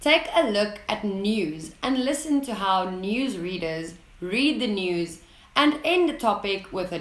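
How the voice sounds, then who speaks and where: A woman narrating an English lesson in a slow, deliberate way, reading out example sentences with clear enunciation. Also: mid-range voice, a bit bright, roomy sound. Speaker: English teacher.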